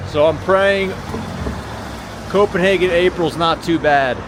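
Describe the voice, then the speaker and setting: A man's voice: high voice, measured pace. A man hosting a casual walking livestream at night outdoors, rambling and chatting with viewers as he walks. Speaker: livestream host. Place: city streets at night, outdoors. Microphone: small handheld gimbal camera. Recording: street noise from passing traffic. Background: traffic and street ambience.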